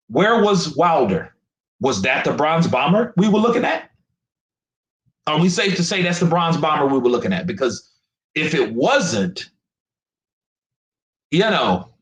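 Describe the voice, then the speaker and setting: Frustrated man ranting with lively pitch. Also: reverberant, low-quality recording. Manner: emphatic, profane, repetitive. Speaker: boxing commentator streamer. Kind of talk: live stream commentary rant.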